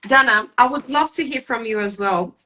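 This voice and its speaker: A woman's voice: on the high side, moderate pace, pushed and bright. A woman hosting a live-stream chat as a hair educator, speaking English as a with slightly phrasing.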